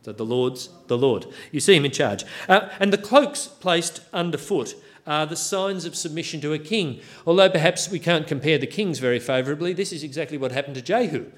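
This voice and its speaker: A man's voice: a little high, lively intonation, brisk, fairly bright tone. A man preaching a sermon, walking through a Bible passage with wry, self-deprecating humour.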